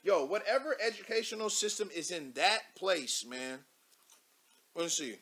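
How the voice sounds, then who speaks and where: A young man hosting a live show, giving loud, mocking commentary as he reads posts aloud, laughing and repeating himself. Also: high-pitched, normal speed.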